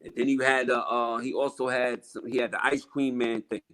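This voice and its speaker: A man's voice: mid-range voice, normal speed. Brief: New man, rap guest, blunt storyteller, plain mid voice. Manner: blunt, profane, animated storyteller. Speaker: rapper guest. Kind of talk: casual storytelling interview.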